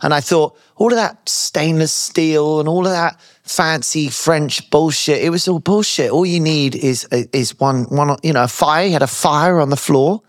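A British man hosting a podcast, chatting casually and telling lively, profane anecdotes. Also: fairly high pitch, normal speed, hardly any pauses, no echo, studio quality. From Britain. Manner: storytelling, profane, animated anecdotes. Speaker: podcast host. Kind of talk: casual interview chat.

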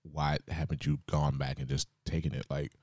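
A young man with a very deep, mellow voice co-hosts a podcast, venting in a laid-back way. He swears freely and laughs along as he talks. The sound is close and dry. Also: flat delivery, normal speed, no room sound. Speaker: podcast co-host. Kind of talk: casual chat.

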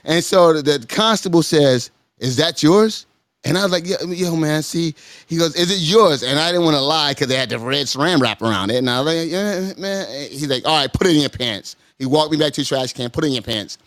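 A man's voice: quick pace, hardly any pauses, a bit bright, no room sound. Man telling a rowdy story, close and dry. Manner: acts out quoted people with sudden jumps in pitch, repeats words. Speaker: podcast guest telling a story. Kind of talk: animated casual storytelling.

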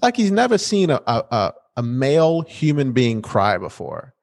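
A man chatting casually as a podcast co-host, recapping an episode. His pitch swings widely as he tells it, playful and quick to joke, with frequent restarts. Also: wildly swooping pitch, gravelly.

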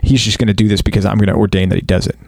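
An American man co-hosting a casual Bible discussion, thinking aloud and reading verses slowly and deliberately. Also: lowish voice, little pitch movement, vocal fry, darkish tone, dry recording. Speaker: podcast co-host.

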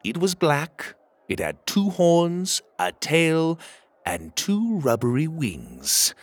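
A man narrating a children's audio story, with expressive storytelling. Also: takes it slowly. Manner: expressive storytelling with lively pitch.

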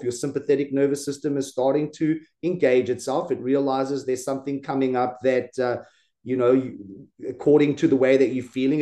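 A man's voice: medium pitch, dark tone. A man co-hosting a podcast, explaining ideas patiently and often checking in with "right?". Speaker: co-host. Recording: echoey room.

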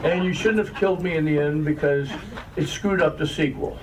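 A man's voice: on the high side, fairly quick, natural voice. An older man voicing his blunt, boastful military father. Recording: distant mic, faint room noise.

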